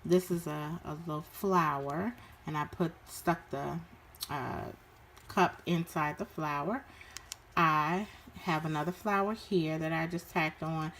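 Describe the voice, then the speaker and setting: A woman describing her handmade craft pieces in a casual show-and-tell, unhurried and full of ums and uhs. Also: low-pitched, fairly even intonation, fairly bright tone, slight background noise. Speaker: crafter showing her work.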